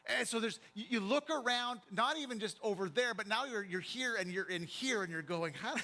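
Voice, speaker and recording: A man with a high voice delivers a sermon from a church pulpit. He has a bright, forceful tone and talks in a vivid, conversational way, as if he were chatting with the congregation. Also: moderate pace. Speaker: pastor.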